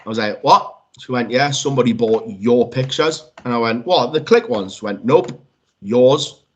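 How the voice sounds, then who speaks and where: A man, a wrestler, chatting casually as a podcast guest, telling lively stories that he acts out and peppering them with swearing. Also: mid-range voice, moderate pace, lo-fi sound. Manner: lively storyteller, swears freely, acts out quotes.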